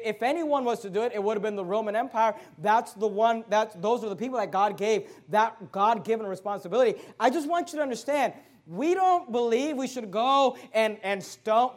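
A man preaching a sermon and reading scripture aloud, fervent and emphatic, dropping quiet and then rising loud. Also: very high voice.

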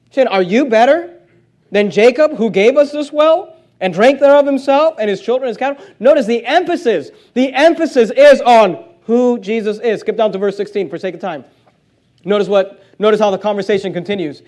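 A man's voice: sits high, fairly quick, darkish tone. A man preaching a sermon, reading scripture aloud with emphatic stresses and plain conversational asides between readings.

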